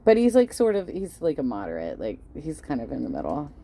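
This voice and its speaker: A woman's voice: deep voice, huge pitch swings, brisk, creaky, crowd noise. A woman hosting a casual reaction stream, talking in a loose, profane way and laughing often. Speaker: host reacting to videos.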